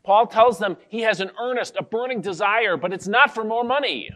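A man pastor giving an expository sermon, carefully explaining a Bible verse and reading the scripture slowly. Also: high voice, pushed and bright.

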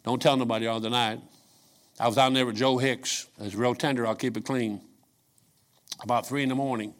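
An older man preaching a sermon, telling folksy stories and swinging from quiet asides to shouts. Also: medium pitch, fairly even intonation, brisk. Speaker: pastor.

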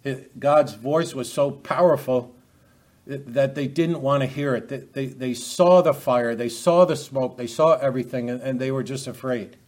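A man's voice: medium pitch, moderate pace, a little mellow. A man preaching an expository sermon, talking unscripted with frequent restarts and rhetorical questions to his listeners.

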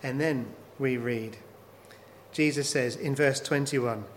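A man's voice: medium pitch, takes it slowly. A man preaching a sermon, working through scripture with repeated rhetorical questions. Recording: long hall reverb, faint noise.

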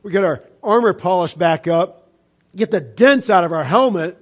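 A man preaching a sermon, swinging from fervent shouts down to low, hushed lines. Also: expressive, normal speed. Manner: impassioned preaching, rising and dropping sharply. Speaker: pastor.

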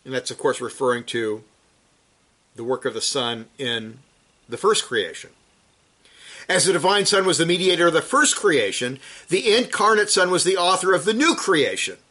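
A man delivering a sermon from scripture, his voice sitting a little higher than most men's. He preaches with emphasis, swelling to forceful peaks before sinking low and quiet again. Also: expressive, normal speed.

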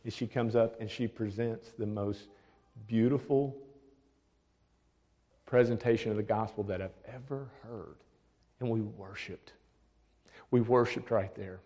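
A man, a pastor, telling a testimony story, dropping to a hush for the words of others. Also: on the low side, fairly even intonation, normal speed. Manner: drops to a hushed voice for quoted speech. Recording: long hall reverb.

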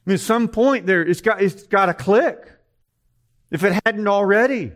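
A man's voice: high-pitched, normal speed, fairly bright tone. A man preaching a conversational sermon, emphatic and full of rhetorical questions.

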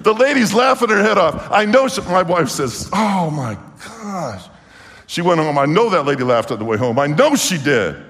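A male preacher giving a sermon, animated and fervent, swinging from hushed storytelling to exclamations. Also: fairly high pitch. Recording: long hall reverb.

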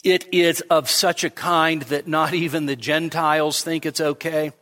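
A man's voice: level tone, measured pace, bright, forceful tone, long reverb tail. A man preaching a midweek sermon in a conversational way, with many fillers and "right?" checks, who lifts his voice when he quotes scripture. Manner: rises sharply in pitch and volume when quoting scripture. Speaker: pastor. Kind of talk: expository sermon. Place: church sanctuary.

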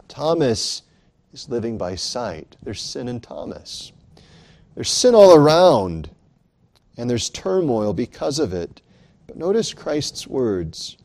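Slow, animated male preacher. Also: medium pitch. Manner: earnest, emphatic preaching with dramatic rises. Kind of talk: sermon.

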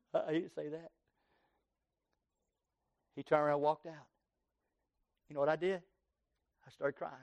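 High-voiced Southern preacher. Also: male voice, steady tone, slow, vocal fry, long pauses, no room sound, muffled recording. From Texas, USA. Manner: impassioned preaching that swings from loud cries to hushed tones. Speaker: pastor. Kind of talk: sermon with altar call.

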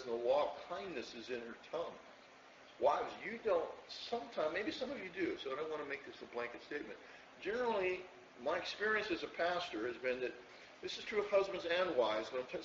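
Here a pastor with a slightly high, fairly bright voice gives a chatty sermon to a small room of congregants, often pausing to ask "okay?" The mic sits far away in the church hall, yielding an echoey, lo-fi sound with a touch of hiss or hum.

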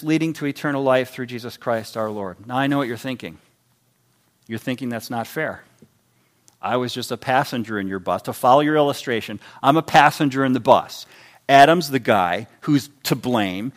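Man preaching, slightly high voice, animated, acts out little voices. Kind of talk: sermon.

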